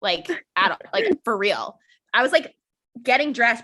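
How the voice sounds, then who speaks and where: A woman's voice: a little high, sing-song, unhurried, sharp tone, faint music behind. A young woman co-hosting a podcast in casual chat, talkative, cursing often and laughing a lot. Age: young adult. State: hiccups. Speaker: podcast co-host.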